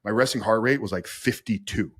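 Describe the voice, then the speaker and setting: A man's voice: on the low side, a little fast, a bit bright, slightly rough. A middle-aged man, a recovery coach, giving a casual, emphatic personal testimony with fillers like "man" and "bro".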